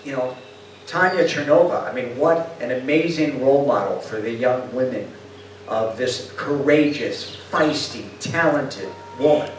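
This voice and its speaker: An older man giving a storytelling talk to an audience, a lively speaker who acts out quotes and puts questions to the room. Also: mid-range voice, unhurried, a little hiss or hum. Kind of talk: storytelling lecture. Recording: roomy hall sound from far off.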